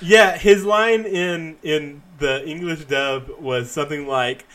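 A man's voice: fairly high pitch, slow, hardly any pauses, a bit bright. A man co-hosting a podcast, chatting casually about an anime episode with frequent laughs and joking asides. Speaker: podcast co-host. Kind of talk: casual episode recap chat.

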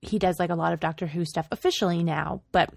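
A woman's voice: fairly low pitch, quick pace, creaky, a little mellow, dry recording. A woman co-hosting a podcast, telling a story in a chatty way full of fillers. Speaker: podcast co-host. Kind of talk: casual podcast chat.

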